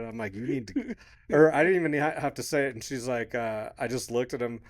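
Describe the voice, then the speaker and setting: A man's voice: mid-range voice, brisk. A man in his thirties co-hosting a podcast, telling a long story casually, swearing and laughing as he goes. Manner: rambling, swearing, laughing mid-story, quoting others. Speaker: podcast co-host.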